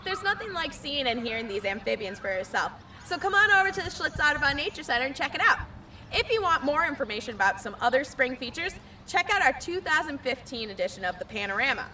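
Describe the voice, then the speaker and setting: A young adult woman naturalist presenting a scripted nature lesson outdoors by a pond, clear and enthusiastic. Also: high voice, very animated, quick pace, sharp tone, a little hiss or hum.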